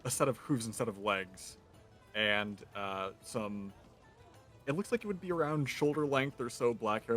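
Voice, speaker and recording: A man describing his tabletop game character, halting and searching for words. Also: on the low side, a bit bright. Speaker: player.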